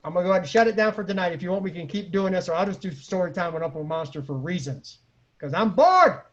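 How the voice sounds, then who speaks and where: A middle-aged man telling a profane anecdote in a casual, lively way, as the host of an online storytelling call. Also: sits high, fast talker, highs cut off. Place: at home on a video call.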